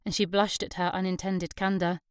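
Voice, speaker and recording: A woman's voice: on the low side, flat delivery, fairly quick, smooth, no room sound, clean studio sound. A woman narrating an audiobook. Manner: gentle storytelling, giving characters light voices. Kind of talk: scripted narration.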